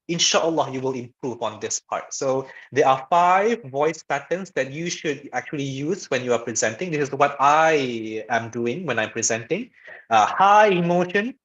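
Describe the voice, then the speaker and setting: A man giving an informal online lesson on public speaking, talking conversationally and checking in with the audience often. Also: medium pitch. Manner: conversational, frequent "okay" and "all right" check-ins; demonstrates voice patterns by shifting loud and soft. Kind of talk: informal lecture. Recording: dull lo-fi webinar audio.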